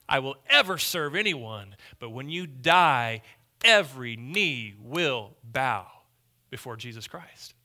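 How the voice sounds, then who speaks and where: Pastor guy preaching, very bright sharp voice, kinda high, repeats lines for punch. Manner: emphatic, repetitive, swings between loud and hushed. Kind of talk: sermon.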